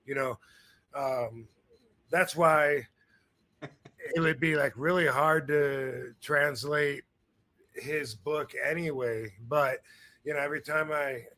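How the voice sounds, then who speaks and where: A man's voice: on the high side, fairly even intonation, slow pace, long pauses, sharp tone. A man hosting a podcast in casual chat, laid-back and slangy, often trailing off mid-sentence. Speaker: podcast host.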